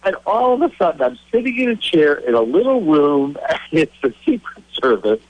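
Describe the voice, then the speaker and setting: Husky man telling a lively anecdote. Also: normal speed, dull audio. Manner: animated anecdote teller, pitch climbing when excited. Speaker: cartoonist guest. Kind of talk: phone interview storytelling.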